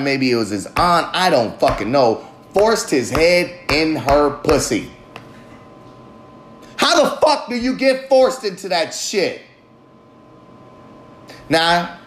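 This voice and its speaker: A man hosting his own podcast, talking in a profane, rambling casual monologue that swings between loud bursts and low mutters. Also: reverberant, a little hiss or hum. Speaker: podcast host.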